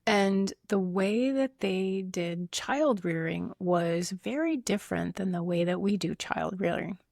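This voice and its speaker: A woman's voice: mid-range voice, a little slow, gravelly, a little mellow, dry recording. Woman doctor guest on a podcast, earnest, explains stuff with everyday analogies, dry sound. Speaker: pediatrician guest. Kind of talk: conversational interview.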